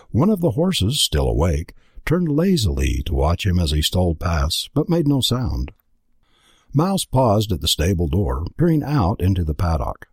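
A man giving a dramatic, expressive scripted narration of a storybook. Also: deep voice, breathy edge, no room sound, studio quality. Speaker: audiobook narrator.

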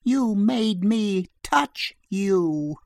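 A man voicing a vengeful, unhinged middle-aged woman whose voice rises into a shrill, angry shout. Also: animated, extremely slow, gravelly, heavily acted. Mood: furious.

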